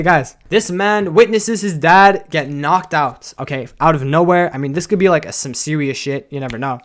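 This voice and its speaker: A man's voice: a little high, a bit bright. Slangy young man rambling on stream. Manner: slangy and rambling, keeps saying bro and guys. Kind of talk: casual recap of a series on stream.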